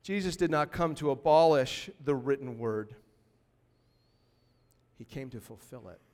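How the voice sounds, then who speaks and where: A man pastor delivering a sermon in a lively, conversational way, punctuated by sudden emphatic bursts. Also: medium pitch, measured pace, in a large hall.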